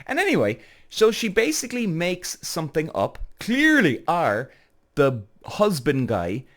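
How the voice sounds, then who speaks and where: Animated Irish man telling a story. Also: a little high, measured pace. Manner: animated, exasperated retelling. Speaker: podcast host. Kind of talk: casual storytelling.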